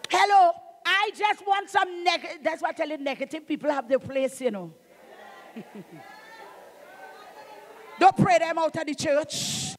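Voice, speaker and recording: The speaker is a middle-aged woman pastor whose voice sits high and bears a Trinidadian accent. She preaches emphatically and fervently, crying out to the congregation and breaking into shouts.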